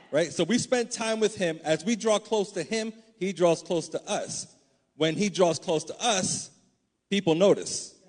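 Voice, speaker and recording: A man's voice: a little high, a little mellow. A man preaching a sermon: he reads scripture aloud, then talks loosely and conversationally, checking in with the congregation.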